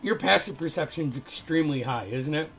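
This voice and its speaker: A man narrating as game master of a tabletop game, halting with fillers and restarts and adding playful sound effects. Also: on the high side, animated, vocal fry, a loud crowd.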